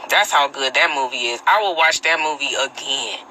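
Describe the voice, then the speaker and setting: A woman's voice: very deep voice, normal speed, sharp tone, a little hiss or hum, poor audio. A woman hosting her own phone livestream, ranting bluntly in slangy casual talk and answering viewer comments. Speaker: livestream host.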